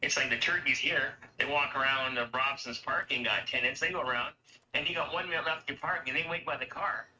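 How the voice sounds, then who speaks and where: A man's voice: medium pitch, fairly quick, sharp tone, slight background noise, rough recording. A man from Canada chatting casually, rambling and swearing as he rants about everyday costs. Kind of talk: casual chat.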